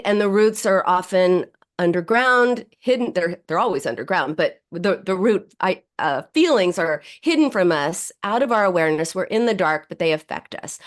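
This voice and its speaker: Animated woman psychoanalyst on a podcast. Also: mid-range voice. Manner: animated, acts out quoted self-talk. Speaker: psychoanalyst guest. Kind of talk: podcast interview.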